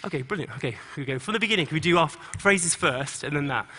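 A middle-aged choreographer on a conference stage, speaking to an audience and directing dancers with quick instructions and rhythmic sound cues. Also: male voice, fairly high pitch, big-room sound, slight background noise. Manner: encouraging, energetic coaching.

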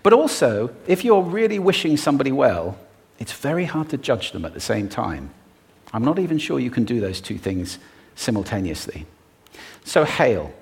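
A man giving a talk on stage to a live audience, playful and expressive, demonstrating vocal techniques as he speaks. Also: medium pitch, normal speed, creaky.

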